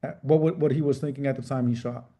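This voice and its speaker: A middle-aged man, a trial attorney, answering interview questions in a measured, careful way with frequent restarts. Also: mid-range voice, steady tone, mellow. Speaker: civil rights trial attorney.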